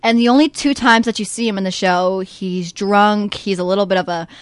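A woman's voice: mid-range voice, brisk, clear, resonant tone, no echo. A young woman actor talking eagerly in an interview about voicing her roles. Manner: eager, chatty, many fillers. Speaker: young stage actor, guest. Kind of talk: interview chat.

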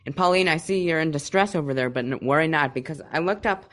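A man's voice: a little high, fast, a bit bright, a little hiss or hum. Playful man co-hosting a chat show. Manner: playful, mock-theatrical. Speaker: co-host. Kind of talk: casual chat.

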